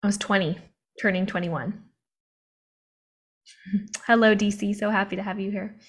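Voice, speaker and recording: A woman's voice: mid-range voice, steady tone, unhurried, slightly rough. A young woman in live online training mode, impassioned and confiding, talking into a video call mic and laughing often between points. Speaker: motivational coach.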